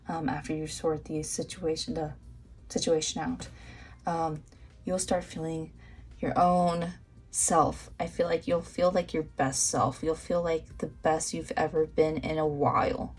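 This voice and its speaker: A woman's voice: low-pitched, a little mellow. A young woman giving a pick-a-card tarot reading, talking straight to the viewer in an earnest, encouraging way, repeating herself and restarting her sentences. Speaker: tarot reader.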